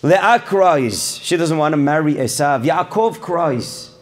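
A man, a rabbi, giving a Torah sermon, swinging between loud emphasis and hushed lines and sprinkling in Hebrew terms. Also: on the high side, lively intonation, slow pace. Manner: sprinkles Hebrew terms, addresses audience as Morai Rabotai.

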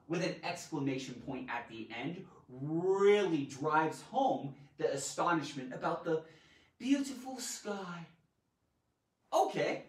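A woman teaching a live online grammar lesson, animated and theatrical, with loud exclamations. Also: fairly low pitch, takes it slowly, reverberant, far from the mic, low-quality recording.

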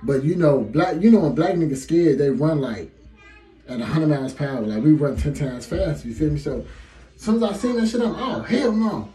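A man in his twenties with a heavy Chicago accent, telling a story to camera in a lively, slangy way and laughing often. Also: fairly high pitch, a little fast. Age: 20s. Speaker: vlogger. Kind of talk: casual storytime. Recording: echoey room, faint music.

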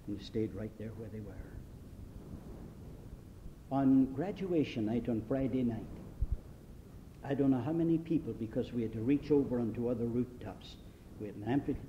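Male preacher from Britain, storytelling sermon, mid-pitched, dull recording with faint rumble. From Great Britain. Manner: storytelling, recounting testimonies from a mission trip.

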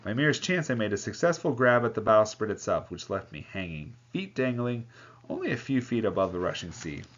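A man's voice: lowish voice, sing-song, a little fast. A man reading a novel aloud, voicing the characters and breaking off now and then to comment. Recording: dull lo-fi sound.

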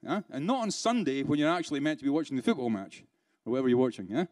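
A man's voice: medium pitch, animated, racing, darkish tone, no room sound. A man with a British accent giving a live keynote at a conference, talking conversationally with rhetorical questions and dry sarcasm. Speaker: keynote speaker. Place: conference room.

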